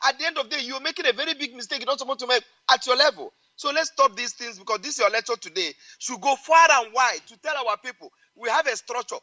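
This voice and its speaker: A man's voice: very high-pitched, fast, few pauses, sharp tone. A man calling in to a radio show, speaking in an emphatic, repetitive, preaching way over a phone line. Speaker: caller. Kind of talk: call-in radio talk.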